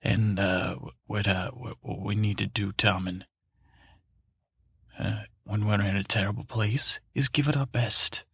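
A worldly old tomcat spins a meandering sea tale in a hushed voice, as a man puts him on. The voice is gravelly and raspy, recorded close and dry. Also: lowish voice, steady tone, measured pace, dry recording, full character voice. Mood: hushed, soothing. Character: worldly old tomcat storyteller, soothing, salty. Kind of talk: bedtime story to help sleep.

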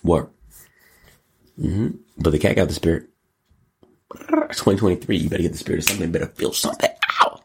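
A man hosting a comedic commentary show, joking and slangy, jumping into high mock voices. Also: steady tone, fairly quick, vocal fry, pauses often, a little hiss or hum. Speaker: host.

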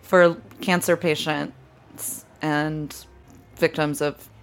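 A female podcast co-host in relaxed comedic banter, her voice a little lower than most women's. She teases her partner, laughs readily and snaps back with quick, dry retorts. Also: soft background music.

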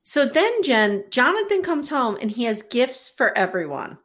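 A woman with a fairly high voice that swings all over, chatting casually as a co-host. She retells a story with animated energy and slips into the characters' lines. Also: normal speed. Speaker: podcast co-host recapping episodes. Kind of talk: casual chat.

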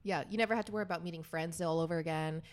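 A woman's voice: fairly low pitch, very fast. A young woman hosting a podcast, chatting casually with her sister and laughing often. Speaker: podcast host. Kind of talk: casual chat.

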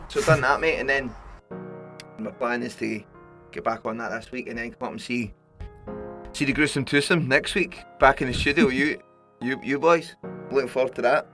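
A man's voice: medium pitch, steady tone, normal speed, pushed and bright, faint music behind. A Scottish man co-hosting a podcast, telling rambling stories in casual chat with laughs between. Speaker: podcast co-host.

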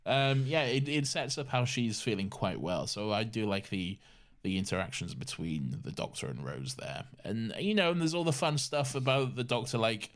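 A man's voice: lowish voice, moderate pace. Easygoing man on a podcast. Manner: relaxed, laughs often, hedges. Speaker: podcast co-host. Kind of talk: casual chat.

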